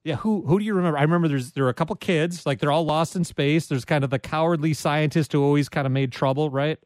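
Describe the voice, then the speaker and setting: A man hosting a radio call-in show, chatting casually with callers and making quick, self-deprecating remarks. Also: fairly high pitch, a little mellow, no echo. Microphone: studio microphone.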